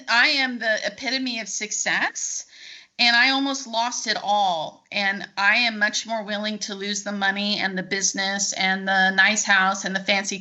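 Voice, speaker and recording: A woman in her forties with a bright, forceful voice tells her family stories in a candid interview. She acts out the dialogue with lively restarts, and the audio is muffled and lo-fi. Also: medium pitch. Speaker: guest, forensic accountant.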